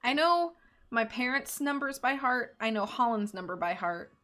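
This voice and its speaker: A woman's voice: a little high, lively intonation, normal speed, fairly bright tone, soft background music. A woman streamer reading a book aloud live and chatting in giggly, rambling asides.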